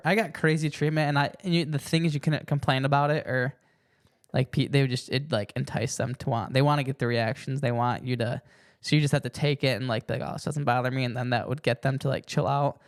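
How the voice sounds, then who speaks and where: A man's voice: medium pitch, steady tone, a little fast, clear, resonant tone. A young man hosting a casual podcast chat, rambling with restarts and acting out quoted lines. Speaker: podcast host.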